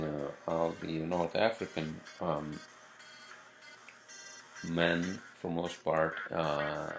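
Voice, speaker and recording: Speaking low with vocal fry, this solo podcast host wanders off-script in a profane, rambling way. He curses often, leans on fillers and keeps restarting his sentences.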